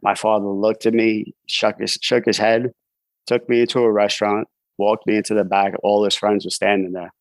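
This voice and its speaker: Man, New York accent, low flat voice, rambling casual storytelling, lots of fillers, dry close sound. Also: normal speed, no echo. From Brooklyn, New York. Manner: rambling, frequent "you know" fillers. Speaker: podcast guest, author in recovery.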